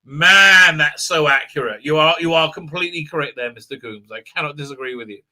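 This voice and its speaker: Talking a little fast, a middle-aged man chats casually on a live stream, reading comments and drifting between them with frequent laughter and plenty of fillers. His voice is very bright and a touch high for a man, rising further whenever excitement takes over.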